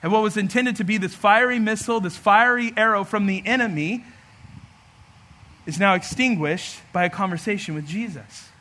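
A man preaching a sermon as pastor, animated and humorous, acting out everyday scenes. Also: high-pitched, moderate pace.

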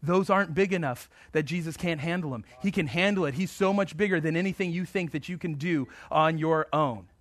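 A man preaching a sermon as a pastor, moving between quiet, tender passages and fervent, rising appeals. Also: a little high, a little fast, few pauses. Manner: emphatic preaching that swings between hushed and fervent.

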